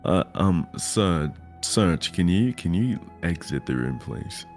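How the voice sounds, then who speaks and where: A man's voice: sits low, lively intonation, slow pace, faint music behind. A man playing a tabletop role-playing game, hesitant and stammering as he speaks in character. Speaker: player.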